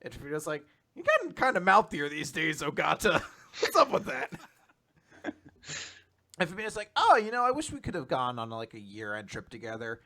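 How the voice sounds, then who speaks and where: A man's voice: on the high side, wildly swooping pitch, normal speed, vocal fry, bright, forceful tone. A man co-hosting a casual recap chat, animatedly retelling scenes and acting out characters' lines, swearing casually. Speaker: podcast co-host.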